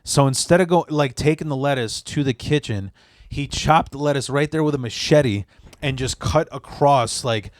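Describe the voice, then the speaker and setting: A man's voice: medium pitch, normal speed, no echo. Profane rambling male storyteller. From Chicago area. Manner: profane, rambling with many restarts. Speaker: podcast guest. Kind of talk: casual storytelling.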